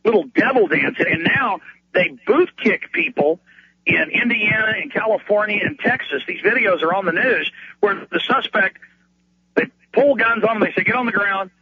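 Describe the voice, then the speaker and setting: A man's voice: high-pitched, lively intonation, lo-fi sound, a little hiss or hum. A man hosting a talk radio show and giving heated commentary, stumbling over repeated words and mocking other people in quoted asides. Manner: rapid, repetitive restarts, mocking put-on quotes.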